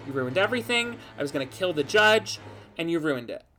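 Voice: mid-range voice, very animated, brisk, pushed and bright, faint music behind. A speaker doing a blunt vengeful barber man. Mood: grumpy.

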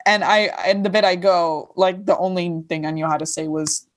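A woman from Lebanon, a comedian, chatting casually on a podcast with a near-American accent and lively, laugh-filled storytelling. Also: fairly low pitch, moderate pace. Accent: American-sounding English with slight Lebanese tinge. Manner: animated storyteller, laughs often, acts out lines. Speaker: comedian guest.

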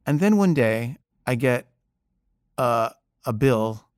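A man recounts a family story in a loose, rambling way, leaning on fillers as he goes. His voice sits at an ordinary middle pitch. The recording is dry and close, with no room sound. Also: lively intonation, takes it slowly, clean tone, dry recording. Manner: rambling, filler-heavy, wry. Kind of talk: casual personal storytelling.

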